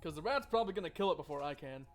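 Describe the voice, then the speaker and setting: High-voiced joking male streamer. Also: animated, rapid-fire. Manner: joking and sarcastic, chatty with viewers. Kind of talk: casual let's-play commentary, reading game text aloud. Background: faint game music.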